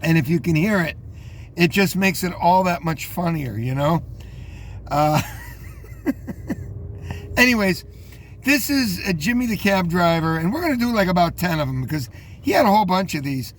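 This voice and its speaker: Casting: high-pitched man in his fifties, loose chatty host, faint hiss underneath. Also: very animated, moderate pace, pauses often. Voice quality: rambling, many fillers and restarts. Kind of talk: casual commentary.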